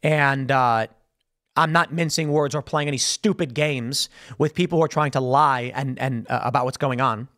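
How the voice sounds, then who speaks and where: A man hosting a political commentary show, talking in a fast, animated monologue and mimicking the people he mocks. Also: mid-range voice. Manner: fast animated talk with mocking put-on voices for quoted people.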